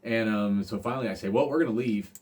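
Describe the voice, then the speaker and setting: A man in his forties with a low, darkish voice hosts a casual podcast and talks fast. He tells a rambling, self-deprecating story full of fillers and restarts.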